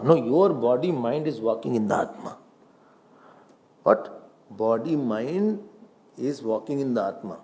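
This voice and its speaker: A man's voice: medium pitch, mellow. A middle-aged man with an Indian accent, a swami giving a spiritual discourse on scripture, acting out questions and answers with a student. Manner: mixes in Hindi and Sanskrit verses.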